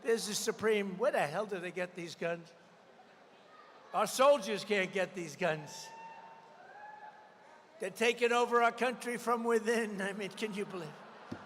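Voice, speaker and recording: A man giving a campaign rally speech, combative and repetitive, hammering slogans with bursts of shouting. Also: high-pitched, a little slow, long pauses, slight background noise. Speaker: political candidate at a rally. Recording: long reverb of a large rally venue.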